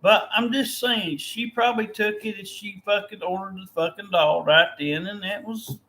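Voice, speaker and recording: A man with a high, bright and forceful voice rants angrily, cursing in nearly every line. He sounds tired and fed up, and he talks in a loose, casual way. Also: steady tone, normal speed. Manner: angry, profane ranting. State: weary and fed up. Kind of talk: casual rant.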